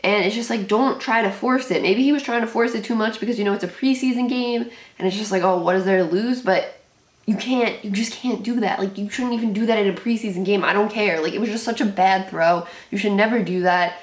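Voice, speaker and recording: A woman's voice: mid-range voice, fairly quick, reverberant. A young woman hosting a live reaction to a football game, anxious and exclaiming, often repeating herself. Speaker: sports channel host reacting live.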